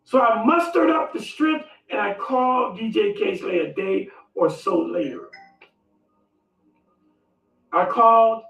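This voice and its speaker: A man with a high, gravelly voice spins a comic story at an unhurried pace. He swings between loud bursts and quiet, conspiratorial asides. He sounds distant and roomy, with soft music underneath. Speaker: vlogger telling a story. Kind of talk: animated storytelling monologue. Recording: echoey room, distant mic, faint music.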